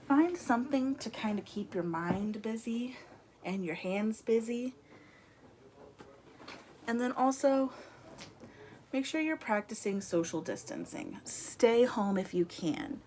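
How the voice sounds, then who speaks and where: A woman's voice: on the high side, animated, slow pace, pauses often, a little mellow, slight background noise. A young woman chatting casually to camera from her room at home, rambling and laughing as she talks, a little out of breath. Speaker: vlogger.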